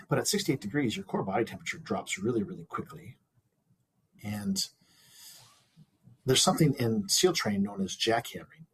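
A man's voice: lowish voice, low-quality recording. A man in an interview, telling a personal story in an earnest, reflective way with frequent small restarts. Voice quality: very husky. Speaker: interview guest.

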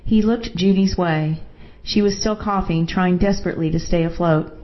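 A woman narrating a first-person story in a calm, measured way. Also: lowish voice, dull audio.

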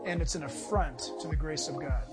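A man's voice: fairly high pitch, fairly quick, loud music behind the voice. A male pastor preaching a sermon in an emphatic, conversational way, with rhetorical questions and joking asides.

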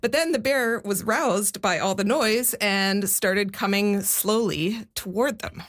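A woman's voice: mid-range voice, slow pace. A woman giving a conversational radio news report, explaining things step by step with frequent fillers.

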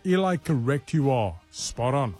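A man's voice: mid-range voice, expressive, a little slow, darkish tone, faint music behind. A man hosting a breakfast radio quiz, teasing his co-host and reading out clues and listener answers.

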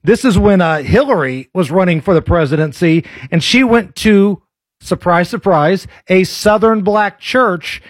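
A man hosting a commentary show, mocking fake accents in a casual, animated way. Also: high voice, a little slow, no echo. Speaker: host.

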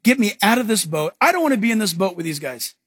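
A man's voice: high voice, very animated, fast, fairly bright tone, husky, no room sound, clean studio sound, full character voice. A man preaching who acts out the disciple Peter as an eager, impatient fisherman begging to get out of the boat. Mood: urgent.

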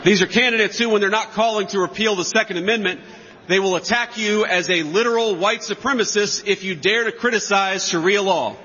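Speaking briskly in a sharp, high voice, a man gives an emphatic campaign rally address in a big hall, mocking opponents with sarcastic asides. There's slight background noise, and the lo-fi audio has a long, echoing hall reverb.

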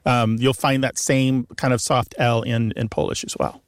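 A man's voice: medium pitch, fairly even intonation, normal speed, no room sound, studio quality. A man co-hosting a call-in radio show about language, explaining with enthusiasm.

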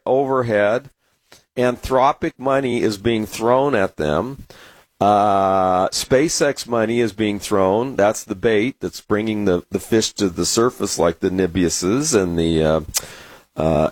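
This American man from San Diego talks casually to the camera as a market commentator, wandering through anecdotes packed with "uh"s and other fillers. His voice is lowish and the recording has no echo.

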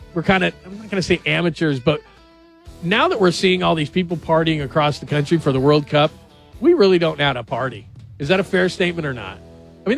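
Chatty gravelly-voiced male radio host. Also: high voice. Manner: chatty, jokey, asks the others questions. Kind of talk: casual radio chat.

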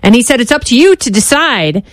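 A woman in her forties or fifties, a guest on a talk show, telling quick wry stories and laughing often. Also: fairly high pitch, very animated, no room sound, studio quality. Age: 40s to 50s. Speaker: guest commentator. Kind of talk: casual chat.

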